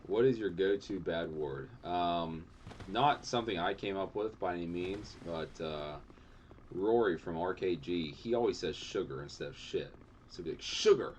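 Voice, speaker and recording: A young adult man streaming a game, rambling casually, swearing often and yelping high when surprised. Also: moderate pace, a little mellow, dull audio, slight background noise. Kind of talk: casual gameplay chat.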